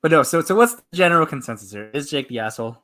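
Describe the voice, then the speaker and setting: A man co-hosting a casual podcast, laughing often and reacting quickly. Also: fairly high pitch, lively intonation, sharp tone. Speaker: podcast co-host. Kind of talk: casual streamed podcast chat.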